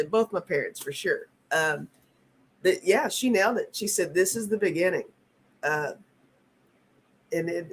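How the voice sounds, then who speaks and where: A woman in her fifties hosting a live tarot stream, talking in a halting, earnest way and reading viewer comments aloud. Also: mid-range voice, husky. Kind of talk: casual live-stream chat.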